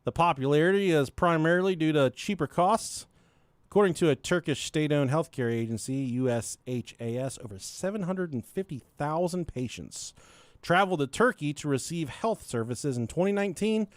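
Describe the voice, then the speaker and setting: A young man hosting a podcast, talking in a lively voice that jumps up and down as he acts out everyone in his story. He sits a bit high for a man, laughs a lot and swears freely. The sound is close and dry. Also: moderate pace, no echo. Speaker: podcast co-host. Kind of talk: casual chat.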